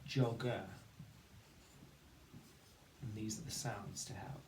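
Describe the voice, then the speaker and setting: A man's voice: fairly low pitch, fairly even intonation, slow pace. A man teaching a phonics lesson, patiently sounding out letters and words. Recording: echoey room, faint background noise.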